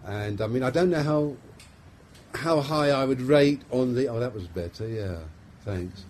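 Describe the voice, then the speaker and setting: In a mid-range voice with lively intonation, a middle-aged London man talks a little slowly and a little mellowly. He's a psychiatrist chatting informally and self-deprecatingly to a small group, stumbling through fillers and restarts, over a faint hiss or hum.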